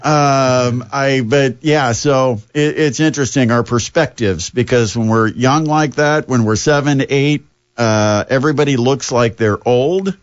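A man's voice: mid-range voice, unhurried, no echo, dull audio. An older man hosting a sports radio show, chatting casually in a rambling, self-deprecating way.

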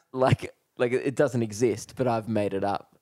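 A young Australian man co-hosting a comedy podcast, teasing and quick to joke. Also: mid-range voice, fairly even intonation, darkish tone, dry recording. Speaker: podcast co-host. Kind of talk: casual comedy podcast chat.

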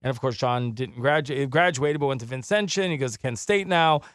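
A man co-hosting a radio talk show, interviewing guests with loud enthusiasm. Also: mid-range voice, a little fast, smooth, dry recording. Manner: enthusiastic, exclamatory. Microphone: studio microphone.

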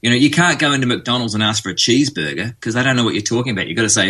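A man in his forties with an Australian accent is a chatty guest in a relaxed conversational interview, telling stories with many fillers. His medium-pitched voice is very fast, sharp and slightly rough, with lively intonation.

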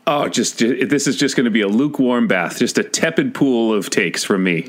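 A man's voice: medium pitch, animated, moderate pace. A man co-hosting a casual pop-culture podcast, giving dry, grumbling opinions. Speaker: podcast co-host.

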